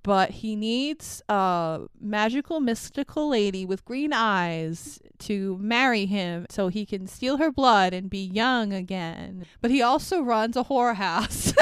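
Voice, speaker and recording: A woman co-hosting a casual movie review chat, animated and swearing, playing up her confusion and acting out the characters. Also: medium pitch, slow pace, few pauses, smooth, no room sound. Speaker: podcast co-host.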